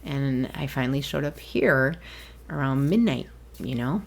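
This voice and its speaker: Woman, low voice, solo podcast host, rambling and chatty, laughs easily. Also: animated, measured pace, creaky. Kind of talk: casual solo podcast monologue.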